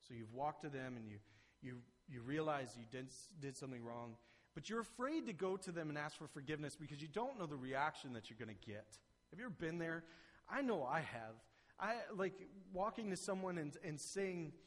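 A man preaching a sermon as pastor, earnest and conversational, rising to emphatic peaks and then dropping soft. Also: on the high side, expressive, moderate pace. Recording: long reverb of a church hall.

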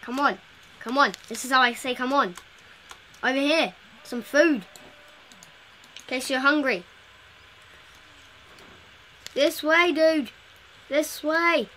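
A woman's voice: high-pitched, takes it slowly, long pauses, sharp tone, slight background noise. A woman giving casual, playful commentary while playing a video game, chatting to the characters on screen. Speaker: gameplay video host.

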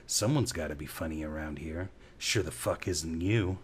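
A man's voice: rumbling low, moderate pace, slight background noise. A man voicing a bitter, sarcastic young male hustler.

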